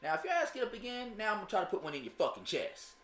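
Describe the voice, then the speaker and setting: A man with a Southern US accent, co-hosting a podcast, telling stories in a profane, animated way. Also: high-pitched, racing, reverberant, a crowd in the background. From Denver, USA. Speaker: podcast co-host. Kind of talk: casual podcast chat.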